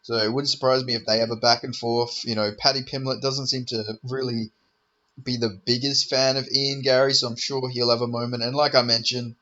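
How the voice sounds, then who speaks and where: A man's voice: mid-range voice, flat delivery, a little fast, sharp tone, lo-fi sound. A man giving a rambling, profane, joking preview of upcoming fights in casual commentary. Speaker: MMA commentator.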